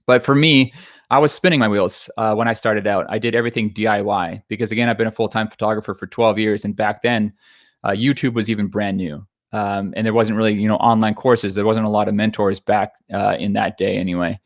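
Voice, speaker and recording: A man in his thirties, a photography business coach, giving a quick, conversational webinar talk with frequent fillers and restarts. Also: lowish voice, steady tone, no echo, clean studio sound. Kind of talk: webinar presentation.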